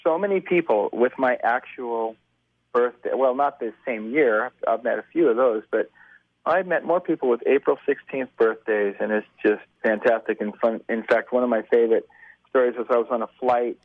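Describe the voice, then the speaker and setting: A man in his fifties, a musician guest telling stories over the phone, animated and acting out the voices of the people he quotes. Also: medium pitch, moderate pace, no echo. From United States. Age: 50s. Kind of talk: casual storytelling on a phone interview. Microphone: telephone. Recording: tinny phone line.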